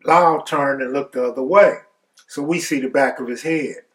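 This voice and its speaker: A man's voice: mid-range voice, normal speed, distant mic. A man casually telling a personal story in profane, laid-back street talk.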